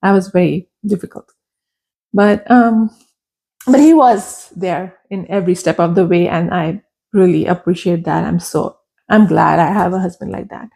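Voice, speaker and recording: A woman's voice: on the low side, normal speed, gravelly, warm tone, breathy edge. A young adult woman, a podcast guest, telling her personal story candidly and emotionally, repeating phrases for emphasis.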